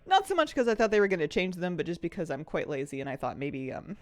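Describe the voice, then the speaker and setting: A woman's voice: on the low side, big pitch swings, fast talker. A woman streaming from a dim room at home, chatting casually and giggling, sometimes slipping into a baby voice for her pets. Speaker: game streamer. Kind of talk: casual live-stream chat.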